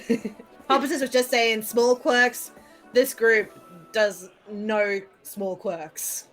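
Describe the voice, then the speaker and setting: A woman's voice: on the high side, steady tone, slow pace, a bit bright, faint music behind. A woman player at a tabletop game, chatting in an upbeat, casual way.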